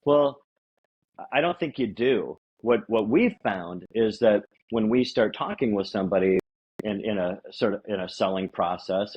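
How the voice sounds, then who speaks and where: Husky low-voiced man on a dull recording. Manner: conversational, acts out sales dialogue. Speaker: podcast co-host. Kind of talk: casual sales-advice chat. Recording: dull lo-fi audio.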